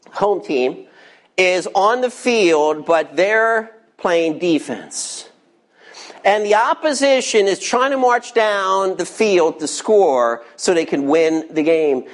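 A pastor preaching an expository sermon verse by verse. He speaks emphatically and keeps putting rhetorical questions to the congregation. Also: medium pitch.

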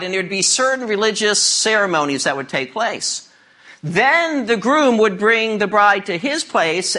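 A man's voice: sits high, bright, forceful tone. A man preaching as pastor, reading scripture and teaching emphatically with playful asides.

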